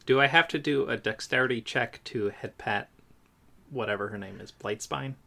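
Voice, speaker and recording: A man's voice: mid-range voice, normal speed, gravelly, bright, forceful tone. A man playing a tabletop game, casual and playful, stammering at times. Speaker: player.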